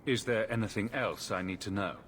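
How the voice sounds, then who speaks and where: An actor playing a hero for hire who speaks directly and asks blunt questions. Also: male voice, fairly low pitch, brisk, fairly bright tone, big-room sound, a little hiss or hum, lightly acted. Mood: wary.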